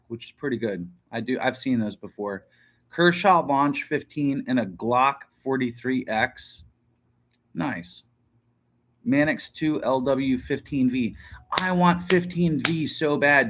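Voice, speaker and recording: Bright-voiced, profane man in his thirties. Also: mid-range voice. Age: 30s. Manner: profane, rambling and blunt. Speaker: livestream host. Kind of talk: casual livestream chat.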